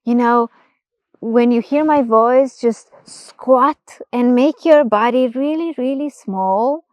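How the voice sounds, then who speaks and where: Woman voicing a soft-spoken wise frog. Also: fairly high pitch, dry recording, muffled recording. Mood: instructing. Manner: soft, slow and patient. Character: wise calm female frog, a gentle guide.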